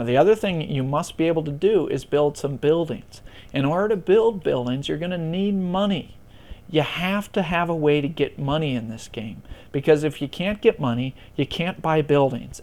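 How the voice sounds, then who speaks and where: A man's voice: mid-range voice, darkish tone. Man, mid-range voice, casual rules explainer, conversational, self-deprecating humor. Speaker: board game tutorial presenter.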